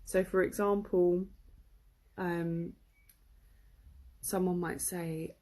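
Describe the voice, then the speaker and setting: A woman's voice: lowish voice, measured pace, breathy edge. A woman giving a casual, chatty lesson, with lots of fillers. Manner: chatty, relaxed, full of fillers. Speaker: English teacher. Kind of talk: casual live-streamed lesson.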